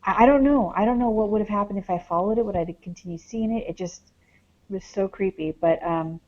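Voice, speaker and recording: A woman's voice: medium pitch, brisk, a little mellow, lo-fi sound. A woman, a paranormal investigator, talks casually as a podcast guest, rambling with many fillers as she tells a story. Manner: rambling, heavy on "like" and "um".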